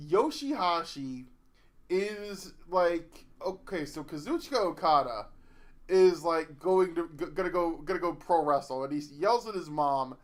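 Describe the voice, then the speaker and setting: A man's voice: a little high, expressive. A man with a slightly raised voice, chatting casually as a podcast co-host. He rambles and halts, breaking off and restarting his sentences as he goes. It sounds loose and unscripted. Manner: rambling, halting, self-interrupting.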